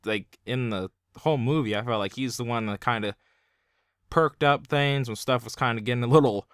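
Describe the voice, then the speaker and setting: A man's voice: medium pitch, normal speed, smooth, no room sound, clean studio sound. A young man giving a casual spoken review, rambling with constant filler words. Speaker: video reviewer.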